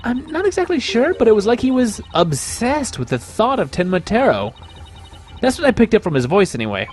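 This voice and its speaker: A man's voice: sits high, wildly swooping pitch, fairly quick, a little mellow, soft background music, pitched above the performer's own voice. A man voicing an eager, bubbly young female lawyer in a video game. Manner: eager, chirpy. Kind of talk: reading game dialogue aloud.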